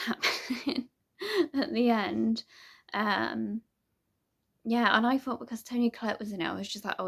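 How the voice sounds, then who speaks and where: A woman's voice: a little high, creaky. A young woman vlogger chatting casually to camera, rambling and hesitant with many restarts.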